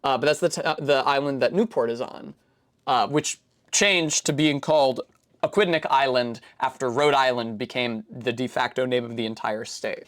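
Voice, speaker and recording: A woman's voice: extremely low pitch, moderate pace. A woman streamer from New England talks casually while she builds. She rambles through long digressions in a loose, chatty way. She fills her speech with fillers and corrects herself mid-sentence. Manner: full of fillers and self-corrections. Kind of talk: casual chat while building a Lego set.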